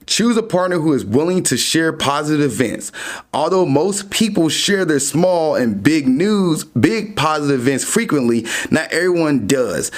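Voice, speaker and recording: A man hosts a podcast and chats about relationships in a casual, animated way. His voice sits at a middle pitch. He acts out little back-and-forth scenes and reads passages aloud from a book. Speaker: podcast host. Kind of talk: casual advice talk.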